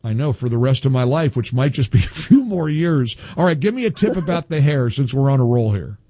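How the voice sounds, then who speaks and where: A man's voice: mid-range voice, lively intonation, brisk, dark tone, no echo. A middle-aged man hosting a call-in radio talk show, rambling and wry, his voice jumping up when he gets exasperated.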